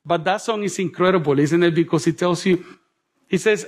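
Male preacher, high-pitched, lively and conversational, joking with the congregation, then quiet and prayerful. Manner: animated, chatty, humorous asides to the congregation; drops to soft, slow prayerful tones. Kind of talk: sermon. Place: church.

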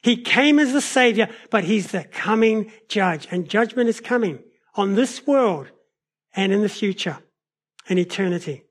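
High-voiced New preacher. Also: male voice, measured pace. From New Zealand. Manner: animated storyteller, varies pace and loudness. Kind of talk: sermon with personal storytelling.

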